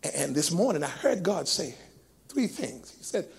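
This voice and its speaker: A man preaching a sermon to a congregation at a church service. He moves between hushed talk and sung, shouted peaks in a rhythmic preaching cadence. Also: on the high side, very animated, normal speed, gravelly, breathy edge. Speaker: pastor.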